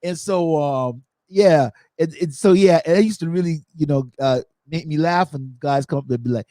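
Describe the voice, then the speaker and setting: A man hosting a podcast in casual chat, telling funny stories with animated energy and acting out quotes. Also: a little high, moderate pace, hardly any pauses, dry recording. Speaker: podcast host.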